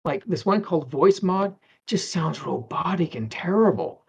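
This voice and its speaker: A man's voice: on the high side, lively intonation, moderate pace, vocal fry, breathy edge. A man in his fifties, a guest animator, chatting casually in an interview and rambling with many restarts. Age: 50s.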